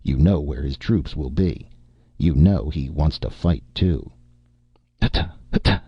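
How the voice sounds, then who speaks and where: A man's voice: very deep voice, a little slow, breathy edge, no room sound. A man reading a first-person story aloud with an intense, brooding delivery. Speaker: narrator. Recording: muffled lo-fi recording.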